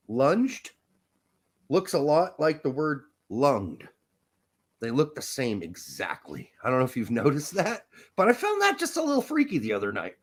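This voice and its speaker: A man's voice: medium pitch, husky. A young man hosting a podcast, rambling energetically and joking with frequent laughs. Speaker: podcast host. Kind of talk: casual chat.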